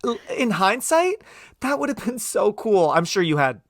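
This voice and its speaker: A man's voice: sits high, moderate pace, no echo, clean studio sound. A man hosting a podcast, chatting casually and with enthusiasm about movies, often drifting into tangents. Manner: animated, enthusiastic, goes off on tangents. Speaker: podcast host. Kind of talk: casual chat.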